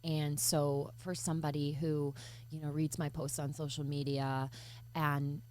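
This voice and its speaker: A woman from Michigan with a notably low voice talks through a personal topic in an interview. She is earnest and searching, stopping often with fillers and circling back to rephrase. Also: flat delivery, measured pace, darkish tone. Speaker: podcast guest. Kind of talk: reflective interview talk.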